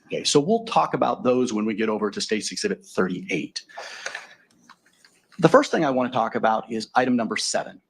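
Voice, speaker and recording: Husky lawyer cross-examining a witness. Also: male voice, fairly low pitch, lively intonation, brisk. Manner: leading questions, methodical, tag questions. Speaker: defense attorney. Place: courtroom.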